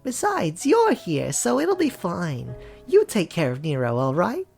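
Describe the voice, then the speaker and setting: A brusque, tomboyish young woman with a cynical streak, as a man puts her on, talking in a lively, swooping voice with a gravelly edge. Faint music plays behind her in this visual novel reading. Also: high voice, unhurried, full character voice. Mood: blunt. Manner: brusque, teasing.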